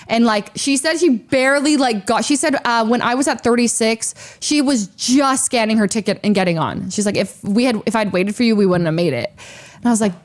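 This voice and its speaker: A young woman streamer casually retelling a story to her chat, animated and breathless, with sudden high-pitched exclamations. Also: a little fast.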